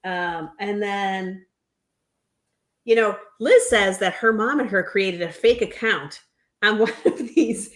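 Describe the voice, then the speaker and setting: A woman's voice: mid-range voice, slow pace, roomy sound. A woman co-hosting a casual chat, retelling reality show scenes from her notes. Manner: laughs often, retells scenes. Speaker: co-host.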